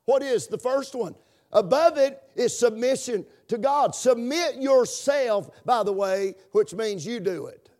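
High-voiced preacher, shouting at times. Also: male voice, animated, measured pace. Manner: impassioned preaching that swings to shouts; repeats words and hesitates with fillers. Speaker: pastor. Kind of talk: sermon.

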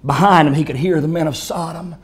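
High-voiced preacher telling a dramatic tale. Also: male voice, steady tone, fairly quick, slight background noise, rough recording. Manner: intense, rising and falling delivery. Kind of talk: dramatic sermon storytelling.

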